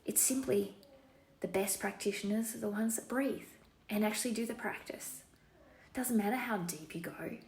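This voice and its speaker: A woman yoga teacher guiding a class in a playful put-on Australian accent, relaxed and encouraging with lots of slang. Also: mid-range voice, normal speed. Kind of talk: guided yoga class instruction. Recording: roomy echo, faint room hiss.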